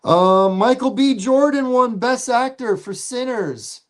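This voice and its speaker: Measured man recapping award news. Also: extremely high pitch. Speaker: podcast co-host. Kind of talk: casual podcast chat.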